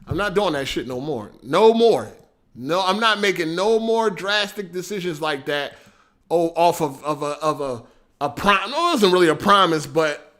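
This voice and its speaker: A man hosting a livestream, telling a story in a casual, slangy, profane, animated way. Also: sits high. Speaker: podcast host.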